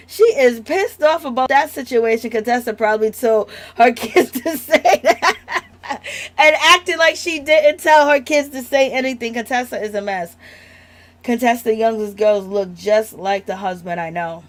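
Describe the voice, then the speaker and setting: A woman's voice: a little high, measured pace, dry recording. Sassy woman laughing through gossip. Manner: laughs often, slangy and sassy. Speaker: reality TV recap commentator. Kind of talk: casual gossip commentary.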